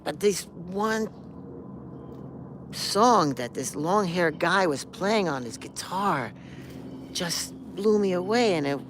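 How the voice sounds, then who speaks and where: Slow, rambling older man telling a story. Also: high voice, noisy background. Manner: rambling, animated storytelling with sung melodies and acted-out quotes. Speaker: host. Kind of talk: casual live-stream storytelling.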